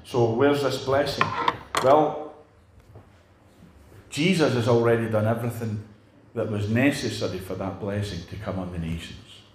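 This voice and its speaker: Older preacher in an echoey room. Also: male voice, fairly low pitch, normal speed, long pauses, slight background noise. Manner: conversational preaching, rhetorical questions to the congregation. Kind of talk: sermon.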